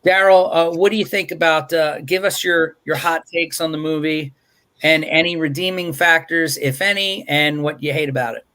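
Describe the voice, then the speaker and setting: A man's voice: a little high, fairly even intonation, moderate pace, bright, forceful tone. A man hosting a casual live-stream movie review over a video call, rambling and wry with frequent fillers and restarts. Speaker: movie review show host.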